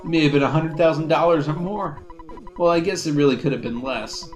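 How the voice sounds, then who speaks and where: A man's voice: fairly high pitch, fairly quick, soft background music, natural voice. A man reading the lines of a smug, self-pitying neighbor father in a game. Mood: complaining.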